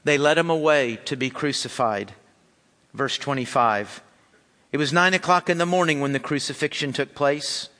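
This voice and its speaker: A man's voice: a little high, moderate pace, bright, forceful tone, long reverb tail. A man preaching a sermon and reading scripture in an earnest way, repeating his phrases, in a church sanctuary. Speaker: pastor.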